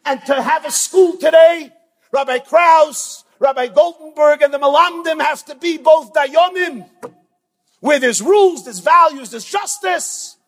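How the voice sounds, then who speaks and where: A man giving a sermon at a yeshiva event, telling stories in a dramatic, emphatic way that swings between loud and soft. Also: very high-pitched, unhurried. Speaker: rabbi speaker at a yeshiva event. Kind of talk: sermon with storytelling. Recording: long reverb from a large hall.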